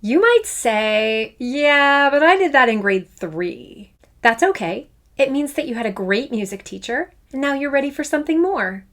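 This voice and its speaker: A middle-aged woman music teacher from Canada, giving a playful, upbeat online lesson for children. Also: on the high side. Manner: enthusiastic, playful, speaks to children.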